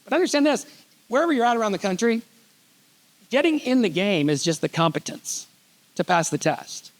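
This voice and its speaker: A middle-aged man giving an animated storytelling keynote on a conference stage, joking as he goes. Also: high-pitched, brisk. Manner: animated, reads letters aloud, jokey asides. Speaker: keynote speaker.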